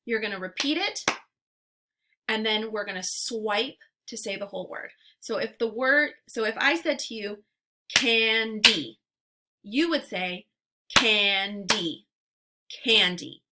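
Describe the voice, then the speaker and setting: A woman teacher runs a phonics lesson for young kids, patiently and deliberately stretching out sounds and syllables. Her voice is on the high side with lively intonation, and the recording is very noisy.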